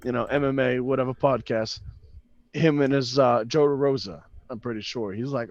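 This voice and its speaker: A man's voice: mid-range voice, moderate pace, no echo, dull audio. A man co-hosting a casual podcast, talking loosely and swearing, laughing often. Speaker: podcast co-host. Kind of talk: casual chat.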